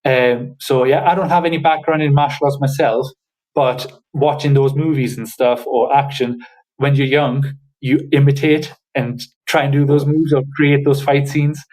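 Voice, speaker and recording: Hesitant guest with a northern English accent. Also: male voice, medium pitch, moderate pace, low-quality recording. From Newcastle, northeast England. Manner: hesitant, full of fillers, relaxed. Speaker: podcast guest. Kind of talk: casual podcast chat.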